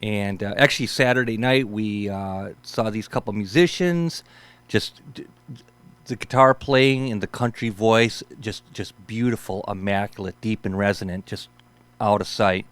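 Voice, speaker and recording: A man's voice: on the low side, normal speed, a bit bright, clean tone. A man in his fifties hosting a show, telling rambling casual stories in a laid-back way, peppered with "man" and "for sure". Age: 50s. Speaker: host.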